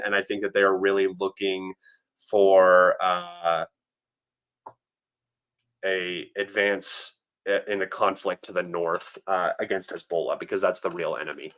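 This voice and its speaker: A young American man talks through a casual livestream in a fairly low voice. He rambles, stops and restarts his sentences, and fills the gaps with ums and uhs. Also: a bit bright. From United States. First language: English. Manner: rambling, many fillers and restarts. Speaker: livestream host.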